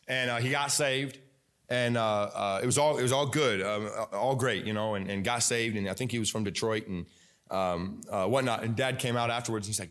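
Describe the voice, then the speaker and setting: A man preaching a sermon in a church, telling stories with lots of energy, fillers and repeated phrases. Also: medium pitch. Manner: energetic, animated storytelling with many fillers and repetition. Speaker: pastor. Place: church sanctuary.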